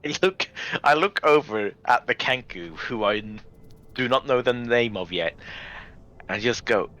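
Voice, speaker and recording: A man playing a tabletop game, amused and rambling in quick asides. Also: mid-range voice, expressive, bright, forceful tone, highs cut off. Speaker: player. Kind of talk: casual tabletop game chat.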